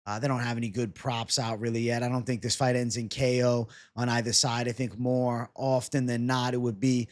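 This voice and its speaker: A young man casually breaking down fight predictions and betting odds on his own show, joking and swearing as he goes. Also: mid-range voice. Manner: casual, fast-talking, swears and jokes. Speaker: MMA betting analyst.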